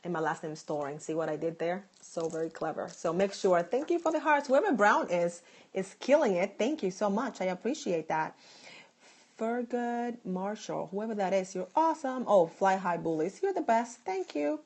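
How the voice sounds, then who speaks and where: A woman's voice: mid-range voice, big pitch swings, a little fast. Thirtysomething boston-accent woman live streaming on her phone, super upbeat, keeps thanking everyone, throat kinda sore. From Dominican Republic. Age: 30s. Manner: upbeat, effusive, thanking viewers often. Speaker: live-stream host and stylist. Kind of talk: live-stream chat reading viewer comments.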